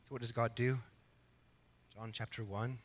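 A man preaching an expository sermon, emphatic at times and quiet at others, asking his congregation questions. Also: medium pitch, steady tone, moderate pace. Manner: emphatic, rising to loud exhortation, then quiet and reflective. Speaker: pastor.

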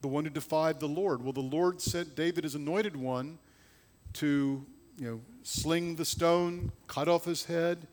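A male pastor delivering a sermon in a slightly higher voice. He swings from loud, emphatic bursts down to low, hushed stretches. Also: steady tone, measured pace.

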